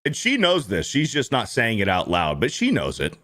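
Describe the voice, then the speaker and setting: A man's voice: on the low side, huge pitch swings, normal speed, a bit bright. A man hosting a reaction show, ranting bluntly and swearing often as he comments on clips. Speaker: host.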